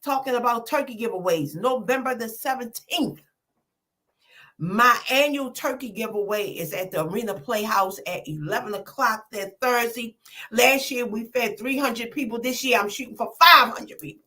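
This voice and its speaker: An older woman, a comedian guest making lively, emotional thank-yous in casual talk-show chat. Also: fairly high pitch, moderate pace. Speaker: comedian and community organizer, guest.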